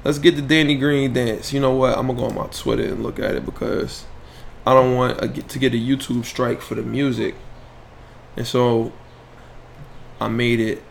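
His voice mid-range and gravelly, with a little hiss or hum in the audio, this podcast host talks at normal speed. Running a casual sports podcast livestream, he trash-talks in an animated, profane way and chats straight to his viewers.

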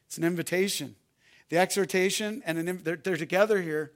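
Male pastor, high voice, sermon delivery, hushed lines breaking into shouts, repeats phrases for emphasis. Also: a little fast. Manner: swings from hushed, soft delivery to loud shouted appeals.

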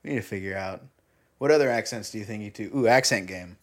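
A young man in casual chat as podcast co-host, an animated storyteller who is easily amused. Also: on the low side, fast.

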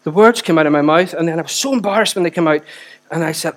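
A man's voice: fairly high pitch, fast talker. A man, preaching a sermon with chatty asides and repeated phrases for emphasis. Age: 40s. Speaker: pastor.

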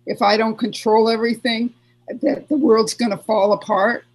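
A woman's voice: fairly high pitch, flat delivery, moderate pace, poor audio. A woman therapist giving advice in an interview, talking earnestly and acting out the inner voices she describes. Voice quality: gravelly, husky. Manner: earnest, repeats phrases, acts out inner voices. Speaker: therapist guest.

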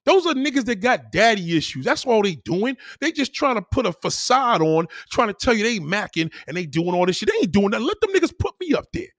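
High, animated profane male ranter. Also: fairly quick, few pauses, no room sound, clean studio sound. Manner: profane, combative, preachy. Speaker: livestream host. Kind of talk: solo ranting monologue to a live chat.

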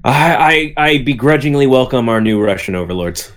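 A man's voice: mid-range voice, expressive, normal speed, a bit bright. A man co-hosting a sports podcast, rambling through his pick with dry jokes. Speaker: podcast co-host. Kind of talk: casual sports chat.

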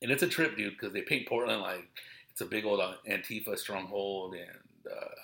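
Gravelly bright-voiced man, loose profane talk. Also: on the low side, normal speed. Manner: profane, slangy, acts out quoted people. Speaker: comedian talking about his shows. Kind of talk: casual rambling chat.

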